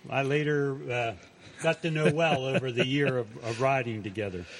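A man's voice: mid-range voice, moderate pace. Easygoing male radio co-host. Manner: easygoing, chuckles often. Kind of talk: casual radio chat.

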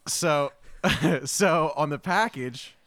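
A man in casual podcast chat, telling a profane, animated story with lots of laughter. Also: on the high side, very slow, no room sound, clean studio sound.

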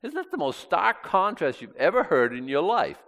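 A man preaching a sermon, reading scripture aloud and swinging between loud and hushed delivery. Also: sits high, sing-song, normal speed.

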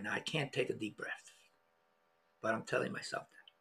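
A middle-aged man telling a personal story in an emotional, halting way, with many restarts. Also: medium pitch, creaky, breathy edge. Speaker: podcast guest.

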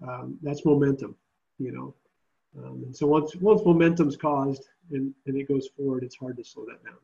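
Mellow, earnest man with muffled sound. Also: medium pitch, moderate pace, gravelly. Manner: earnest, reflective. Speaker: Christian summer camp leader. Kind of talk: podcast interview.

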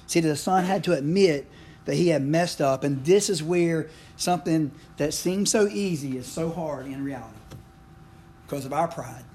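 A man's voice: a little high, moderate pace, darkish tone, a little hiss or hum. A middle-aged man, preaching a conversational sermon full of asides and questions to the congregation. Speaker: pastor.

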